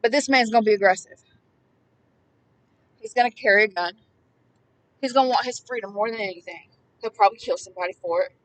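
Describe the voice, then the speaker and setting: A woman giving impassioned Bible commentary, emphatic and repetitive, swinging between hushed words and loud ones. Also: mid-range voice, brisk, pauses often, distant mic, slight background noise, rough recording. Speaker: preacher.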